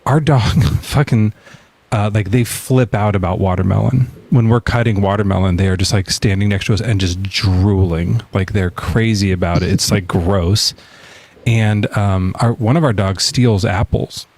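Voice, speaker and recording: A man hosting a live call-in podcast who chats in a relaxed, rambling way, with laughs and fillers. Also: lowish voice, moderate pace, dry recording. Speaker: podcast host. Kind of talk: casual live-stream chat.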